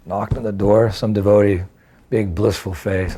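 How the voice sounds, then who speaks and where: A man in his sixties telling a personal story in an animated way, acting out the dialogue as he goes. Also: lowish voice, moderate pace, breathy edge. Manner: animated storyteller who acts out dialogue and laughs at himself. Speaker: devotee sharing memories of his teacher.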